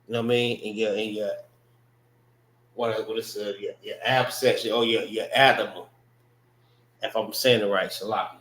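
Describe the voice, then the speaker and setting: A man teaching a religious language class, speaking slowly and repeating words as he spells them out. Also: fairly low pitch, fairly even intonation, fairly bright tone, reverberant.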